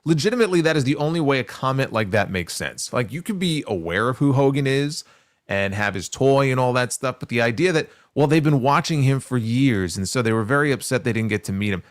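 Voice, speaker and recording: A New York man co-hosting a wrestling talk show in casual banter. His pitch swings widely as he mocks and fires off quick asides. The sound is close and dry, with no room around it. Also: dry recording. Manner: animated, quick asides, mocking. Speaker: podcast co-host.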